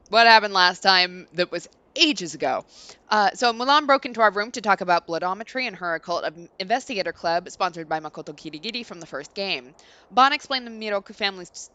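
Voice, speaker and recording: Bright-voiced woman reading a visual novel. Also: mid-range voice, clear, resonant tone, dry recording. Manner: casual, blunt, reads story lines in an even narrating tone. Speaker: let's play host. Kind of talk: casual chat and reading game text aloud.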